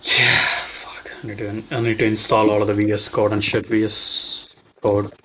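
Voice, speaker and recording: A man's voice: lowish voice, level tone, a little fast, bright, forceful tone, a little hiss or hum, rough recording. A young man from Tamil Nadu streaming casually while coding, muttering in frustration and swearing a lot. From Tamil Nadu, India.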